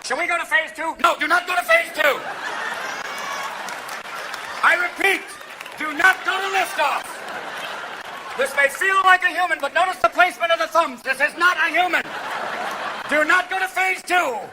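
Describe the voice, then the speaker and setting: A frantic male mission-control voice barking warnings, pitched very high, as a comedian puts it on. The sound is a live stand-up recording with clear room ambience behind it. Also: fairly even intonation, fast talker, few pauses, a crowd in the background, background noise. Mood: alarmed. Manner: shouted urgent warnings.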